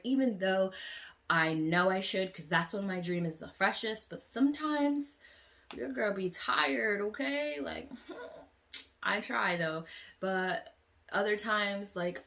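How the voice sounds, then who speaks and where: A woman vlogger casually retelling a dream, animated, often acting out lines in squealing high voices or dropping to whispers, with many "like" fillers. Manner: drops into quiet whispers; frequent "like" fillers. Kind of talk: casual dream storytelling vlog.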